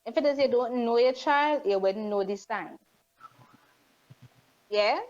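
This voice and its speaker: A woman's voice: on the high side, a little slow, darkish tone. Woman co-hosting a chat. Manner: conversational, asks the audience for agreement. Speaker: co-host. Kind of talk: casual discussion. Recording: dull lo-fi sound.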